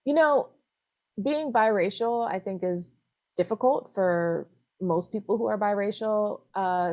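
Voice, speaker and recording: A woman's voice: mid-range voice, highs cut off. An American woman reporter answering interview questions over a video call, speaking thoughtfully with many "you know"s. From United States. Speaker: newspaper reporter. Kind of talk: remote interview.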